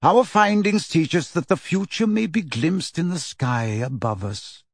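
Brief: a man doing a calm, measured, aloof centaur teacher, a touch higher than his own voice, slow and dry. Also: no echo. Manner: calm, measured and quietly dismissive. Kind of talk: audiobook character reading.

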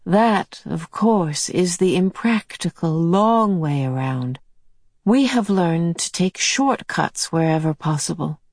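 A woman voicing a kindly, motherly otherworldly woman who gently reassures and explains. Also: on the low side, lively intonation, takes it slowly, dry recording, clean studio sound, heavily acted. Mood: reassuring.

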